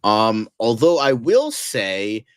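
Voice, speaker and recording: A man with a lowish voice talks in a loose, rambling way, full of fillers and casual swearing. He sounds close to the mic in a dry, dead room. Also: wildly swooping pitch, takes it slowly, clear, resonant tone, no room sound. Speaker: podcast co-host. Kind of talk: casual movie chat.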